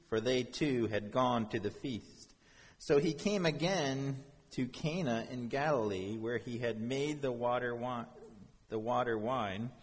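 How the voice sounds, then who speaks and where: A male pastor delivers a sermon, reading scripture and talking it through with his listeners in an earnest, conversational way. His voice has a husky, breathy grain. It rings with the long reverb of a large hall. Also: medium pitch.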